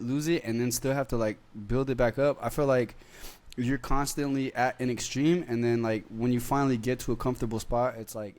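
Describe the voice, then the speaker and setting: A man's voice: medium pitch, a little mellow. A young man hosting a podcast in casual chat, talking loosely with lots of slang. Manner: laid-back slang-heavy talk. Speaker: podcast host.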